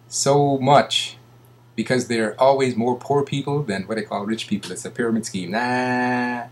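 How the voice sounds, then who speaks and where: A man giving a rambling casual monologue, swinging between loud bursts and hushed asides and mocking others in put-on voices. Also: lowish voice, a little hiss or hum.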